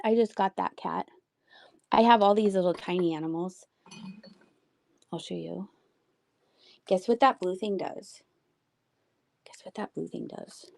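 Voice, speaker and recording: A woman hosting a casual live-selling stream from home, rambling between items and reading out viewer comments. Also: mid-range voice. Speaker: livestream seller. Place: home room with shelves.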